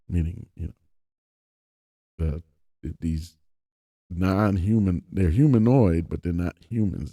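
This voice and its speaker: Deep gravelly guy rambling thru bible verses, chuckles a lot, dry close sound. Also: dark tone, no room sound. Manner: casual, digressive, chuckles between points. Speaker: religious commentator. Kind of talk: informal scripture reading and commentary.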